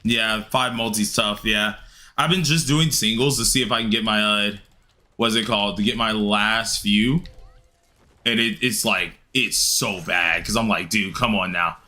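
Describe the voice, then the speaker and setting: A man streaming a game live, chatting casually with viewers and grumbling loudly at the game in an excitable way. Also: lowish voice, a little slow. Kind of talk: live-stream gameplay commentary answering chat.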